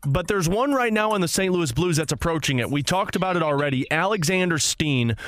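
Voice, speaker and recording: A man hosting a sports radio show, briskly reading stats and leading into segments. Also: on the high side, expressive, fairly bright tone, dry recording, clean studio sound. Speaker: radio host.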